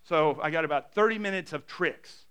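A middle-aged male pastor preaching a conversational sermon. He often repeats his first words and drops to a hushed voice to stress a point. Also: a little high, moderate pace, clear, resonant tone.

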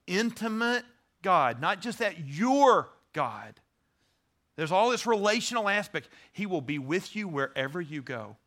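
A male pastor delivering a sermon in a high, bright voice. He talks in an earnest, teaching way, stumbling over restarts and repeated words as he explains.

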